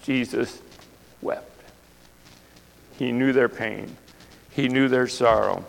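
A man's voice: medium pitch, steady tone, slow, gravelly, slight background noise. A male pastor preaching a sermon with passion, throwing rhetorical questions at the congregation. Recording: long reverb of a large hall.

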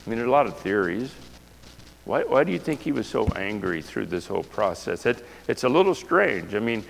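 A man's voice: lowish voice, very animated, a little fast, vocal fry. A male pastor preaching a sermon with passion, throwing rhetorical questions at the congregation. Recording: long reverb of a large hall.

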